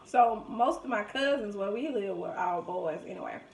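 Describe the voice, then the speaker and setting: A woman vlogger tells family stories casually during a food video, acting out the people she quotes in lively voices as she chats and reminisces. Her mid-range voice is creaky at a normal speed, recorded far from the mic in an echoey room.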